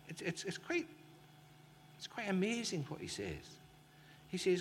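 A man's voice: high-pitched, big pitch swings, a little slow, long pauses, fairly bright tone. A man preaching a sermon in an impassioned way, firing emphatic rhetorical questions at his listeners. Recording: reverberant hall, faint ambient noise.

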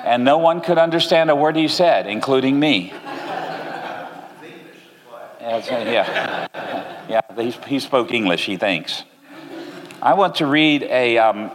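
Joking American preacher in a hall. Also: male voice, medium pitch. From Orlando, Florida. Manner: relaxed and joking, with slow deliberate delivery. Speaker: guest preacher. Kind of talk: sermon. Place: church. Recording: reverberant church hall.

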